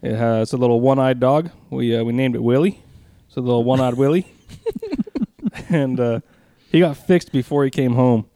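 A man trades rambling stories on a casual podcast, cursing freely and breaking into laughter. His voice sits at an everyday middle pitch. The sound is dry and close, with no room around it. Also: moderate pace, warm tone, no echo. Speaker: podcast co-host. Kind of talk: casual storytelling chat.

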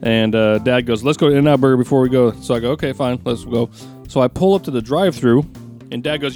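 A man telling a family story on a casual show, animated and swearing, jumping into loud, high impressions of his dad. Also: quick pace, faint music behind.

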